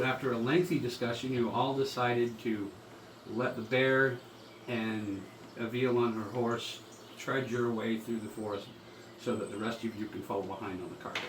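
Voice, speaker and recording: Distant man narrating a tabletop game. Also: mid-range voice. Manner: relaxed, halting narration with frequent ums. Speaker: game master. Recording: distant, echoey room with loud background noise.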